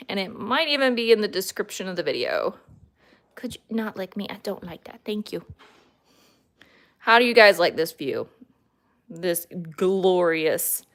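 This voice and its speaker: A woman's voice: mid-range voice, a bit bright. A woman hosting a casual livestream at home, chatting to viewers and talking fondly to her dogs. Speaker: livestream host.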